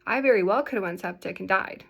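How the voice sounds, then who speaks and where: A woman's voice: mid-range voice, fast talker, gravelly, a bit bright, husky. A young woman talking casually to the camera in a vlog, rambling and filling her speech with "like". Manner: chatty, rambling, full of "like" fillers. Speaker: vlogger sharing her health story.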